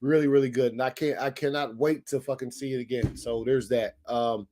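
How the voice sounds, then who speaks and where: A young man hosting a casual daily live stream, talking excitedly in slang and greeting viewers in the chat. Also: medium pitch, brisk, few pauses, slight background noise.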